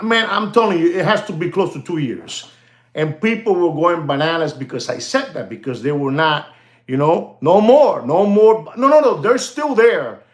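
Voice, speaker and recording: A man who makes online content, ranting casually to his viewers in a rambling, repetitive way, constantly saying "you know" and calling out "ladies and gentlemen". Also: a little high, echoey room. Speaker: watch channel content creator.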